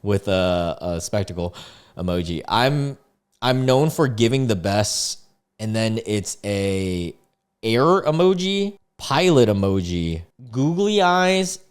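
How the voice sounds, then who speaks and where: A young adult man hosting a casual reaction video about dating chats. He is incredulous and rambling, with animated reactions. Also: on the low side, slow pace, clean tone. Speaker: host reading online dating chats.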